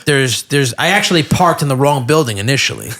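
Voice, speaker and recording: A man's voice: medium pitch, expressive, a little fast, a bit bright. A man hosting a podcast, asking long, rambling questions and reacting with eager enthusiasm. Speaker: podcast host. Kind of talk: casual podcast interview.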